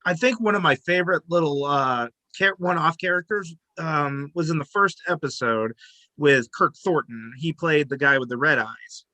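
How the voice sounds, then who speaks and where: Male host, higher voice, sharp and bright, eager fan energy, dry sound. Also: normal speed, no room sound, rough recording. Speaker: interview host. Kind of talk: casual fan interview.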